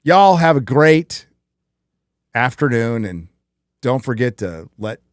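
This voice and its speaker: A man's voice: medium pitch, sing-song, slow pace, smooth, no room sound, clean studio sound. Blunt, profane male stream host. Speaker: livestream host. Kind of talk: casual live stream chat.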